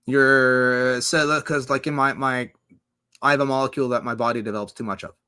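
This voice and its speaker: A man's voice: mid-range voice, steady tone, moderate pace, pushed and bright, clear, resonant tone. Male streamer host, loose and rambling, swears freely, riffs off chat, casual solo talk. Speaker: livestream host reading chat.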